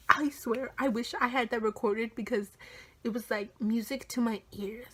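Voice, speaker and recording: Young woman telling a fast storytime. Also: on the high side, a little hiss or hum. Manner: animated, swears a lot, drops into whispers. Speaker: vlogger. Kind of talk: casual storytime vlog.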